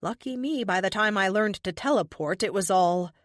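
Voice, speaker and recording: A woman voicing a young female empath who talks in a soft, confiding way, in an audiobook. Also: medium pitch, moderate pace, no room sound, clean studio sound, close to an everyday voice. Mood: wry. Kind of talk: audiobook character voice.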